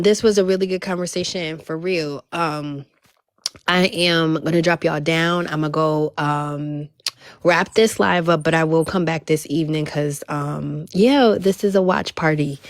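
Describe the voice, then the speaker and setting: A woman's voice: low-pitched, steady tone, measured pace, no echo, studio quality. A woman hosting a casual livestream, chatting to viewers in a Black with asides and the odd whisper. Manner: chatty, drops into whispers at times. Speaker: livestream host.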